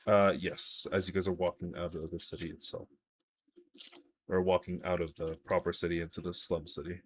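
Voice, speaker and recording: A man's voice: deep voice, little pitch movement, normal speed, a little hiss or hum. A man narrating a live tabletop game as game master, in a loose, hesitant way with many fillers. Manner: loose, hesitant narration full of likes and uhs.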